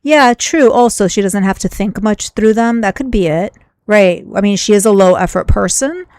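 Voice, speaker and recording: A woman's voice: mid-range voice, normal speed, a little mellow, dry recording. Woman doing commentary, casual and musing, lots of "like", dry close mic. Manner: musing, thinks aloud with many "like"s. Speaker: commentary host.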